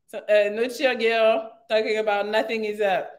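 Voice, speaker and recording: A woman's voice: on the high side, fairly even intonation, moderate pace. A woman hosting a live dating stream, chatting casually with callers and laughing often. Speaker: host of a live dating show.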